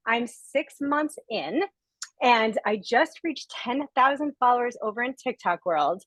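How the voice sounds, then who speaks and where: Forties woman, emotional guest testimonial over a video call; earnest and gushing, bright-ish pitch, dry. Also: expressive, moderate pace, no room sound, rough recording. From Rhode Island. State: close to tears. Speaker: guest speaker sharing a testimonial.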